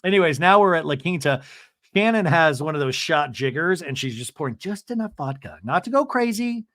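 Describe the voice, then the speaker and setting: A man's voice: on the high side, expressive, fairly quick, fairly bright tone, no echo, clean studio sound. A man hosting a podcast, recapping in a chatty, gossipy storytelling way. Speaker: podcast host. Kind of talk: casual recap commentary.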